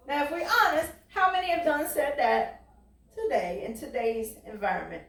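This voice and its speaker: A woman's voice: sits high, moderate pace, a bit bright. Folksy woman preaching in a roomy church. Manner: conversational, folksy preaching with call-and-response. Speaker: pastor. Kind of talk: sermon. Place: church sanctuary. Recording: roomy, distant church recording.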